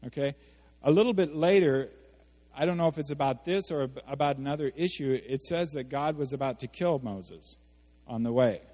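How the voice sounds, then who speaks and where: A man preaching a sermon as a pastor, animated, asking his congregation questions and acting out the quotes he reads. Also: medium pitch, moderate pace. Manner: animated, asks the audience questions, acts out quotes. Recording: hall reverb.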